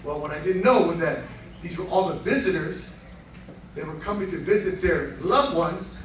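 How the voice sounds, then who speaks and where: A man telling a lively story at a reunion event, acting out the voices of the people in it and laughing along. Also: high voice, normal speed, a little hiss or hum. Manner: animated, laughing storyteller who acts out quotes. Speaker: honoree giving a speech. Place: banquet room with crowd. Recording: roomy hall, far from the mic. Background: crowd murmur and laughter.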